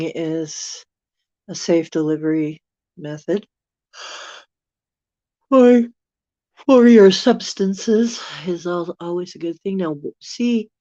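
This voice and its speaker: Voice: medium pitch, darkish tone, dry recording. A live-stream host with allergies, chatting casually with viewers, rambling and chuckling while thinking aloud. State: dealing with allergies. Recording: dull, dry lo-fi sound.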